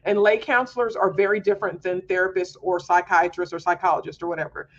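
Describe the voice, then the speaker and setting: A woman's voice: lowish voice, steady tone, fast. Earnest confiding woman, muffled recording. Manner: earnest and confiding, heavy use of fillers like "um" and "like". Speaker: homeschool mom podcast host. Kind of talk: candid personal monologue.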